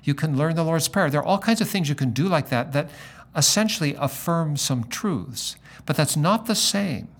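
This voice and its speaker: A man's voice: a little high, expressive, normal speed. A middle-aged male pastor talking about faith and telling a personal story, acting out the voices of people he quotes.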